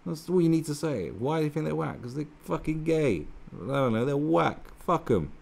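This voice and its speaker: An online commentator, a man with a fairly high, expressive, darkish voice and some vocal fry, rants about a newspaper column at a moderate pace. His commentary is heated and sarcastic, and he swears often.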